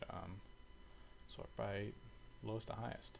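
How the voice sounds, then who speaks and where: Low, gravelly man rambling. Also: steady tone, moderate pace, long pauses, music in the background, rough recording. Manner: rambling and profane, many fillers; reacting aloud while browsing. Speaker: airsoft video creator. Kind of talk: casual screen commentary.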